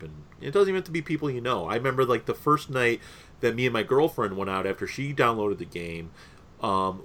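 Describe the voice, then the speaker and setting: A man's voice: mid-range voice, a bit bright. A young man co-hosting a podcast in casual, rambling chat, with many fillers. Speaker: podcast co-host.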